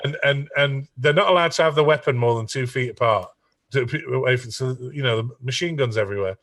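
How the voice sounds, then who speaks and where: A middle-aged songwriter telling an animated story, often stumbling over and repeating his words. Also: mid-range voice, a little fast, recorded from a distance. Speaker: songwriter guest.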